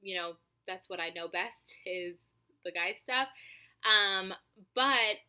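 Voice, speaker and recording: A woman in her twenties telling a story to camera in a chatty, animated way, swearing freely and filling her talk with likes and ums. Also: mid-range voice, slow pace, smooth. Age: 20s. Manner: animated, profane, chatty with many fillers. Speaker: vlogger.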